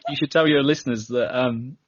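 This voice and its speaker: A British man chats as a guest on a podcast and jokes freely. His voice has a husky edge. The recording is dry and a little dull, without much room sound. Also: medium pitch, brisk, no echo. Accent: British English. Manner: jokey, playful. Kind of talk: casual podcast chat.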